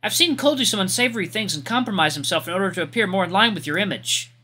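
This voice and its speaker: A man's voice: high-pitched, lively intonation, very fast, bright, forceful tone, faint music behind, voice pushed up. A man voicing a formal, earnest young woman knight with a courteous manner.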